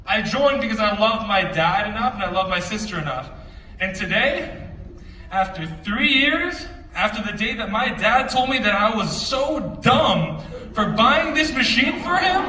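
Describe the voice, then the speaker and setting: Energetic young man on a convention stage. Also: high voice, slight background noise. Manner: energetic, joking, chatty slang. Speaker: motivational speaker. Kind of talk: stage storytelling talk. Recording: echoey hall, distant mic, audience.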